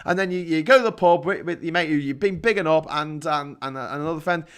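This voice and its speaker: A man's voice: on the high side, quick pace, fairly bright tone, clear, resonant tone. A man with a Liverpool accent, hosting a casual monologue, rambling through stories with restarts and mild swearing. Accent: Liverpool English. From England. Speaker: host.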